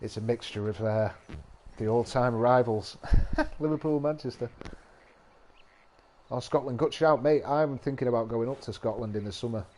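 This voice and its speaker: A man's voice: medium pitch, normal speed, a little mellow, a little hiss or hum. A man in his thirties with a mixed Scouse and Mancunian accent, chatting casually on a game stream, swearing freely and laughing often. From North West England. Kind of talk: casual live-stream chat.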